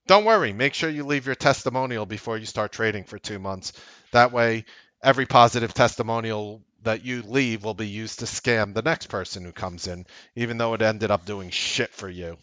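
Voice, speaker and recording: A blunt trading host with a tense, forceful edge to his voice, delivering a sarcastic livestream rant that lurches between loud jabs and muttered asides. The sound is dry and close, with no room around it. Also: moderate pace, dry recording. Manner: blunt, sarcastic ranting that swings from loud to low. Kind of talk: unscripted livestream commentary.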